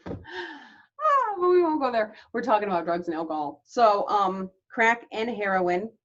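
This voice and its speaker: A woman's voice: mid-range voice, big pitch swings, a little slow, a bit bright, lo-fi sound. A woman hosting her own channel, telling her life story to the camera in a candid, chatty way and laughing between lines. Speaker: channel host.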